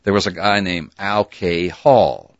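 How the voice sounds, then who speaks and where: A man's voice: deep voice, unhurried, no room sound, lo-fi sound. An older man and former disc jockey, telling stories casually in a radio studio interview and laughing easily. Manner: animated, swings into voices, laughs easily.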